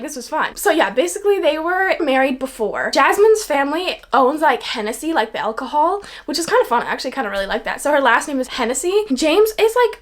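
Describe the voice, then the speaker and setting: A woman's voice: high voice, a bit bright. A young woman chatting casually about romance books she loved, gushing and peppering her talk with "like" and the odd swear word. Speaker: book reviewer. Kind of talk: casual book review vlog.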